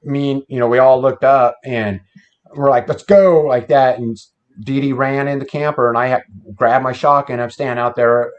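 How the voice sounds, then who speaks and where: Speaking at normal speed with a flat delivery and medium pitch, a guest recounts an encounter from his past. His manner is casual, plain and folksy, and the audio is dull and lo-fi.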